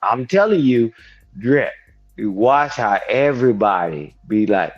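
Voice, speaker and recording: Older man, emphatic panelist, animated delivery, lo-fi stream sound. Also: fairly low pitch, measured pace, husky, soft background music. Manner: emphatic, repeats "I'm telling you", preachy. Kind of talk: heated panel discussion.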